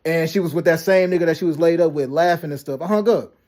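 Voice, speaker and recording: Fast-talking aggrieved man ranting. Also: on the high side, darkish tone. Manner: fast, repetitive storytelling with frequent restarts and "you know what I'm saying"; aggrieved and defensive, heavy slang and profanity. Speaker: vlogger. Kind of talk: rambling personal rant to camera.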